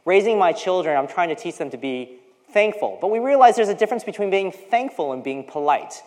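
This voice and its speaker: Fairly quick and animated, a slightly mellow medium-pitched voice carries this sermon from a U.S. preacher in their forties. It's conversational, full of personal asides, with quoted voices dramatized. The recording has a long hall reverb.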